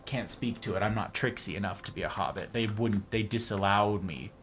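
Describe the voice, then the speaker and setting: A man's voice: lowish voice, brisk, fairly bright tone, slight background noise. A young man streaming a game, chatting casually with playful, theatrical jokes. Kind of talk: casual gameplay commentary.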